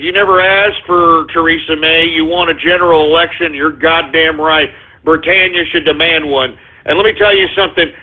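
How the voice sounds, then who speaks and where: A man hosting a talk radio show, ranting in a profane, exasperated way and breaking into sudden shouts. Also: a little high. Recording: tinny phone-line sound.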